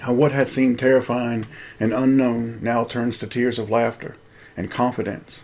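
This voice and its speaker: Gravelly husky male host, earnest preacher-style reading of his own story. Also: medium pitch, flat delivery, normal speed, a little mellow. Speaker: Christian video host.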